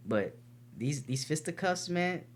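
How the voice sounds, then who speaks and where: A man's voice: on the high side, expressive, unhurried. A man who teaches martial arts, talking casually on a podcast and telling earnest, rambling stories with frequent swearing. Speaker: podcast co-host.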